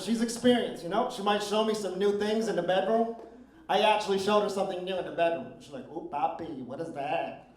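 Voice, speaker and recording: A man's voice: high-pitched, distant mic, a little hiss or hum. A middle-aged man performing a stand-up comedy set on a club stage, talking in a brash, crude, conversational way and working the crowd. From Philippines heritage. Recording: roomy club sound, crowd laughter.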